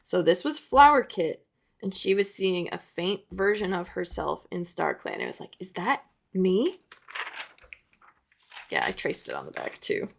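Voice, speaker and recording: A woman's voice: fairly low pitch, sing-song, normal speed, creaky. A young woman narrating a casual sketchbook tour, chatty and self-mocking, laughing at her old drawings. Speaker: art vlogger.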